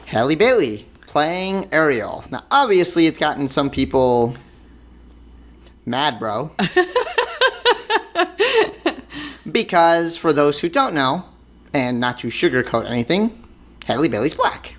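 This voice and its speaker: A man's voice: sing-song, measured pace, a bit bright. A man co-hosting a casual geeky podcast, joking around and breaking into goofy sound effects. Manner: jokey, bursts into sound effects and high squeals. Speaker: podcast co-host.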